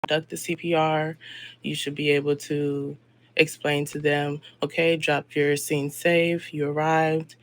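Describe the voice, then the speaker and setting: A man with a somewhat high voice leads a training meeting and walks through a procedure. He speaks slowly and steadily, with little rise and fall in his tone. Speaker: training lead in an online meeting.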